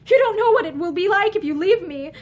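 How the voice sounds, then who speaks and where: A woman's voice: extremely high pitch, moderate pace, pitched above the performer's own voice. A woman reading the part of a desperate young woman who pleads passionately with her lover, close to tears. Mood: desperate, pleading.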